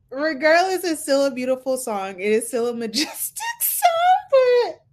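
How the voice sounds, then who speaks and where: A woman hosting a reaction video, giving casual, animated commentary on a clip she is watching, laughing often and voicing her opinions. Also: high-pitched.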